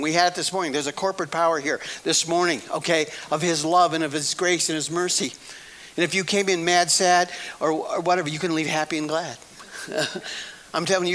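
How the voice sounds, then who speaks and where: A male preacher with a bright, slightly high voice, delivering a folksy sermon in repeated, emphatic bursts. He keeps breaking into laughter between his points, and a faint hiss runs under the recording. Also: moderate pace, low-quality recording.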